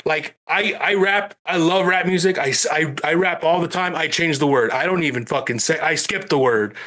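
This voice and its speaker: Bright, animated man telling a story. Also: a little high, moderate pace. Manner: animated storytelling with frequent swearing. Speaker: podcast guest. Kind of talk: casual podcast conversation.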